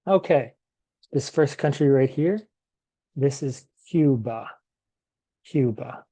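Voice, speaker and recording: A man teaching to Spanish speakers in a slow classroom lesson, patiently repeating each word and thinking aloud as he writes. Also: mid-range voice, expressive, dark tone. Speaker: English teacher.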